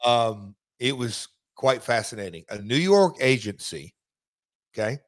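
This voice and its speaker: A middle-aged man, chatting casually as a podcast host, halting with many restarts and fillers. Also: mid-range voice, animated. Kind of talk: casual chat.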